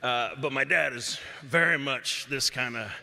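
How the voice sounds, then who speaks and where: A man from Texas speaks on a convention panel with a bright, forceful tone. He tells his story in a candid, chatty way and laughs between phrases. His voice rings out with the long reverb of a large hall. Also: mid-range voice, measured pace, vocal fry. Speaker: voice actor on a panel.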